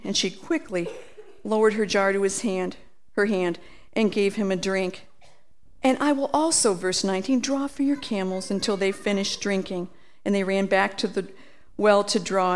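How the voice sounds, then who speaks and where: A woman preaching a sermon, animated, acting out quoted voices and reading scripture aloud. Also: mid-range voice.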